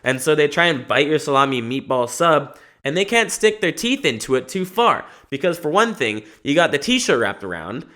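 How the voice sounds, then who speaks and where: Man, podcast host, rambling comic riff, lively swinging pitch, slightly high voice, casual swearing. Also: moderate pace, few pauses.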